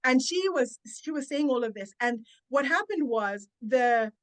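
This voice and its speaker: Female speaking coach, podcast guest; slightly high pitch, deliberate, emphatic delivery. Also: expressive. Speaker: confidence and public speaking coach. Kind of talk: guest giving advice in a podcast interview.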